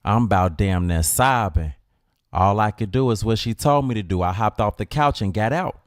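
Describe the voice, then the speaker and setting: A young man with a Chicago accent narrating a dramatic comedic story in casual slang, with drawn-out pauses. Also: lowish voice, no room sound, studio quality.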